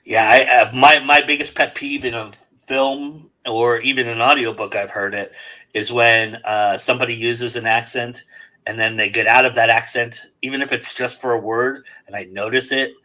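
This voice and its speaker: A male podcast host with a bright, forceful voice at a middle pitch. He talks in a loose, animated way, full of fillers and restarts. The feel is a casual round-table conversation. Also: moderate pace, rough recording. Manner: animated, rambling with many fillers and laughs.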